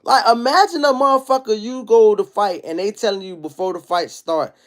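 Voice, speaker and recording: A man in his thirties hosting a casual livestream monologue, telling stories in an animated, profane street style. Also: sits high, moderate pace. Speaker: livestream host.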